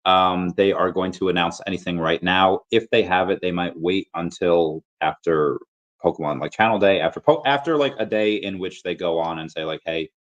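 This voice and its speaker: A man giving casual solo commentary as a video creator, chatty and animated, reading out posts and shout-outs with frequent fillers and laughs. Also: low-pitched, moderate pace, lo-fi sound. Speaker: crypto and collectibles video creator.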